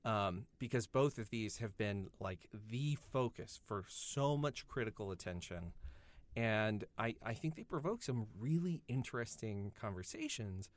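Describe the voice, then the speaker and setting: A man's voice: fairly low pitch, animated, unhurried, no room sound. A man co-hosting a podcast, thoughtfully explaining ideas in a casual film discussion. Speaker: podcast co-host.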